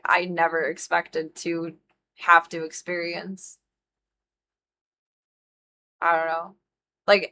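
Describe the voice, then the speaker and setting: Young woman, casual streamer, venting earnestly; bright, slightly low voice, lots of "like". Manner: earnest venting, frequent "like" fillers, swears when heated. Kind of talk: casual monologue to stream chat.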